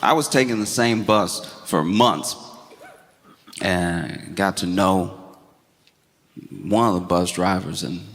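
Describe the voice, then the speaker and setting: A man performing a stand-up comedy set, telling stories with animated delivery and quick character voices on a handheld stage mic. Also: low-pitched. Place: comedy stage before an audience. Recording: reverberant hall with audience noise.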